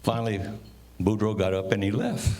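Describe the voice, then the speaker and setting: A man's voice: lowish voice, normal speed, a little mellow. A man telling folksy Cajun jokes to an audience, drawling and switching into his characters' voices. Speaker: joke teller. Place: live session in front of an audience.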